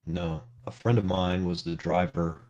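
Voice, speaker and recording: A man's voice: low-pitched, fairly even intonation, unhurried, dark tone, pitched below the performer's own voice. A man role-playing a talkative, mournful ghost of a young man over a lo-fi voice call. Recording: lo-fi voice call audio.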